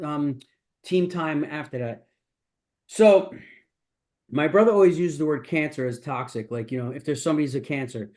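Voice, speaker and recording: A middle-aged man, a business coach, talking casually and emphatically in a masterclass, with frequent restarts. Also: fairly high pitch. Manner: rambling, emphatic, with many restarts.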